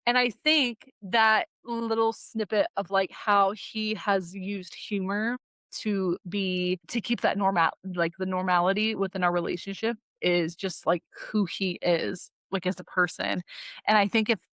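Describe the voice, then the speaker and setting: A woman's voice: medium pitch, fairly even intonation, unhurried, fairly bright tone, no room sound, clean studio sound. A woman in her thirties chatting casually on a podcast, telling stories with lots of fillers and quoted voices. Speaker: podcast guest, daughter. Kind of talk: casual storytelling chat.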